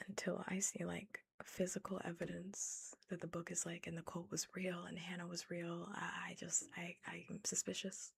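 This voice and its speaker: Whispering woman reading a storybook, gravelly. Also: on the low side, normal speed, hardly any pauses. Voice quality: unvoiced whisper. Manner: animated, incredulous asides between chapters. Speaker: streamer reading a novel aloud. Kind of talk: whispered ASMR storytelling with chat asides. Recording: close mic, ASMR setup.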